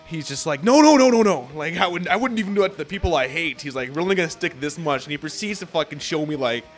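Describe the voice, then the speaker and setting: A young man with a fairly high, fast voice tells a long story in casual conversation, with faint music in the background. He swears a lot and acts out what other people said, keeping the telling animated.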